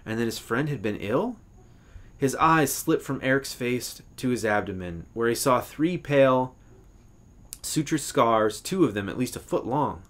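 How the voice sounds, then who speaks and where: A male English professor reads a literary short story aloud. His delivery is measured and expressive, with a few small self-corrections along the way. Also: medium pitch.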